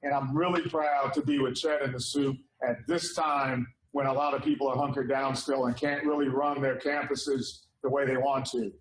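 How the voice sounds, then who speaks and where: A man's voice: mid-range voice, little pitch movement, moderate pace, few pauses, echoey room, low-quality recording. A man in his sixties, president of an alumni association, giving a casual, upbeat welcome address with frequent fillers. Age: 60s. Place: indoor hall.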